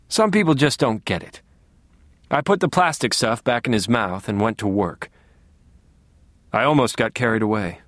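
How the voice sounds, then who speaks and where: A man narrating an audiobook in a calm, wry, low-key way, sometimes sinking to a near whisper. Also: moderate pace, pauses often, dry recording.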